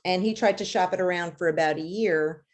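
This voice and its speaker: A woman's voice: on the low side, fairly quick. A woman who writes children's books, answering interview questions in a chatty way, with many fillers and light laughs. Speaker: children's author.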